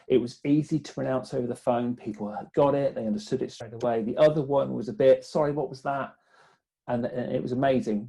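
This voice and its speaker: Male interview guest, business development, halting speech, mellow gravelly tone. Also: medium pitch. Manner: hesitant, many restarts and fillers. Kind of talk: conversational interview.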